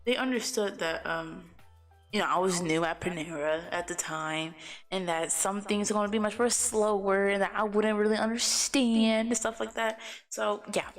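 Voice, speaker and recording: A woman's voice: medium pitch, fairly even intonation, moderate pace. A young woman livestreamer telling a story in casual chat, rambling with lots of "like" and restarts and laughing often. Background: faint music.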